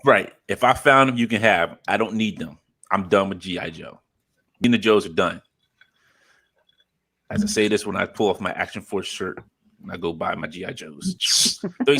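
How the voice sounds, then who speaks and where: A man's voice: low-pitched, normal speed, long pauses, husky. A man co-hosting a podcast in loose, profane chat, laughing often and sometimes dropping into a joking whisper. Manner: profane, animated, laughs often, drops into a mock ASMR whisper. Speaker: podcast co-host. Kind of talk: casual chat.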